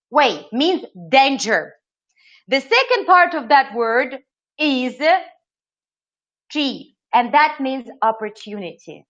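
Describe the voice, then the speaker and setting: High-voiced woman leading a webinar. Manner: lively, engaging, asks the audience questions. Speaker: webinar trainer. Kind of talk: online training webinar. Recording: slightly dull lo-fi audio.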